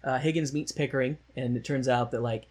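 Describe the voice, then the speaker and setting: A man with a husky, slightly breathy voice talks through a film in loose, casual chat. He rambles and laughs a lot, carrying a sardonic edge as he retells scenes. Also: medium pitch, fairly even intonation, fairly quick, a little mellow. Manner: rambling, laughs often, slips into mocking voices for quotes. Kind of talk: casual chat, movie discussion.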